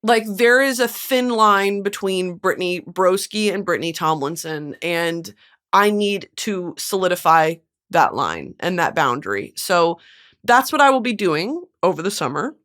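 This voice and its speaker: A woman's voice: lowish voice, lively intonation, a little slow, a bit bright. A woman in her twenties hosting her podcast alone, talking earnestly and emotionally about being burnt out. She swears freely and fills her talk with "like". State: burnt out, close to tears. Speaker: podcast host. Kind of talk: candid solo podcast monologue.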